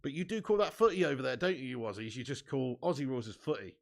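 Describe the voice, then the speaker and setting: A man hosting a live football watch-along, excitably commentating and reading out viewer comments with casual swearing. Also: mid-range voice, fast, gravelly, few pauses.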